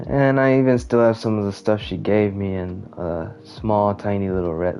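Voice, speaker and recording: A man casually venting about his life while playing a game, rambling and halting, often trailing off quietly. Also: on the low side. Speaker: gamer venting. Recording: muffled lo-fi audio with faint game music.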